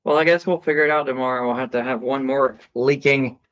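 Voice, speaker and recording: During a live game stream, a man chats casually in a mid-range, steady voice at a quick pace, slightly bright but with the highs cut off. He's chatty and mock-dramatic, humming little tunes and singing sound effects between lines.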